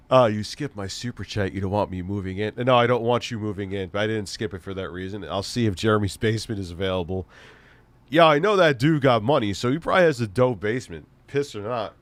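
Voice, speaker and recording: A man's voice: medium pitch, dry recording. Foul-mouthed man telling stories on a live stream. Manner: profane, animated storytelling with laughs. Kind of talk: casual live-stream storytelling and chat.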